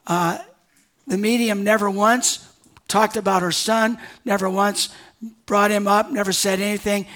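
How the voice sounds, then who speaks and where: A man with a high-pitched voice preaching a sermon. He moves between reading scripture aloud and casual asides, then lifts into emphatic bursts. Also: a bit bright. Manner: preaching with conversational asides and sudden emphatic rises. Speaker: pastor.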